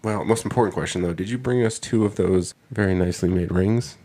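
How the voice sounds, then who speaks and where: A man's voice: low voice, fairly quick, warm tone. A man co-hosting a casual sports podcast, speaking in a laid-back way, often laughing and bantering as a fan. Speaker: podcast co-host.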